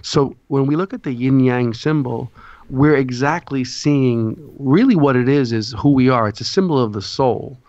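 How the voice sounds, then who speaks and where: A man explains ideas to his podcast hosts in a patient, lecturing way and keeps checking that they follow. His voice sits at a middle pitch. The sound is dull and lo-fi, with no room echo. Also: normal speed, a little mellow. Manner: lecturing, often checks in with "okay?". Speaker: guest. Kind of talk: explaining esoteric symbolism in a podcast interview.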